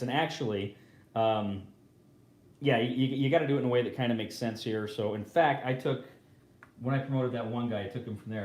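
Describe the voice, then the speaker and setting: A man's voice: medium pitch, darkish tone. A man hosting a live board game playthrough, thinking aloud casually and correcting himself as he goes. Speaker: host. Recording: roomy echo.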